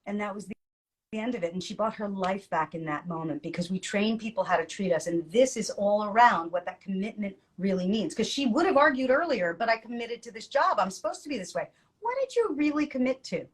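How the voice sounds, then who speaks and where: A woman co-hosting a podcast, telling a client story in a lively way and laughing often. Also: medium pitch. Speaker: podcast co-host and coach. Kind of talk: casual podcast chat.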